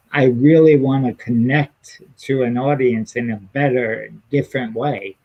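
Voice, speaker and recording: A man co-hosting a podcast in a relaxed, earnest way, pausing on fillers as he talks. His voice sits in a middle pitch. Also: breathy edge, rough recording. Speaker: podcast co-host and stand-up comedian. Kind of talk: casual podcast chat.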